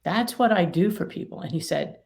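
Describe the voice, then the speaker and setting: A woman's voice: on the low side, animated, fairly quick, creaky, a little mellow. A middle-aged woman, an attorney mediator and author, explaining her ideas emphatically with vivid everyday examples in an interview. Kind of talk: interview conversation.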